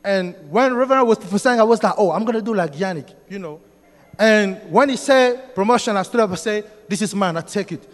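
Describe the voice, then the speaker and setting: High-voiced man with a French accent. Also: a little fast. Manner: excited storytelling with many fillers and restarts. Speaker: church member giving a testimony. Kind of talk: spoken testimony to a congregation. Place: church hall. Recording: long hall reverb.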